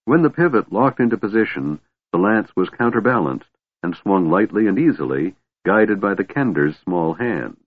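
A man narrating a fantasy audiobook in a steady, measured storytelling manner. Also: fairly low pitch, breathy edge, no room sound. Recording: tinny phone-like dry sound.

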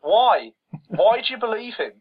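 A man's voice: high voice, sing-song, normal speed, husky. Exasperated man griping about a film. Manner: exasperated, sarcastic, mocks characters in quoted voices. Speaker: podcast co-host. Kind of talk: casual film critique chat. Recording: dull lo-fi audio.

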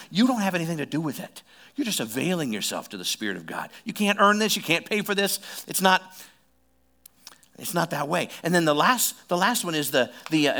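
A man's voice: mid-range voice, gravelly, fairly bright tone. A middle-aged man preaching a sermon as pastor, conversational and joking, repeating phrases for emphasis.

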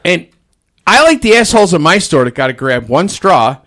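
Male restaurant manager, crude and animated storyteller, swinging pitch. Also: moderate pace. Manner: crude, swears constantly, animated ranting. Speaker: fast-food restaurant manager. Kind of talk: casual profane venting chat.

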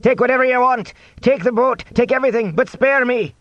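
A man voicing a terrified boatman who cries out in shrill, high pleas in an audiobook. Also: a little fast, dry recording, lo-fi sound. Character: cowering, terrified male boatman begging.

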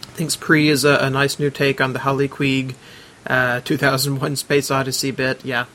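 A man's voice: mid-range voice, little pitch movement, moderate pace, bright, forceful tone. A man hosting a podcast in casual chat, reading listener reviews aloud with plenty of ums and uhs and adding his own remarks as he goes. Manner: hesitant, lots of ums and uhs, adds his own comments while reading. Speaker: podcast host.

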